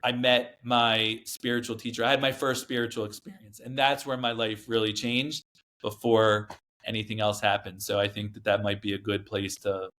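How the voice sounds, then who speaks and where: A man's voice: on the low side, flat delivery, moderate pace, a bit bright. A man, a podcast guest, telling a personal story in a casual, earnest way, with lots of fillers and restarts.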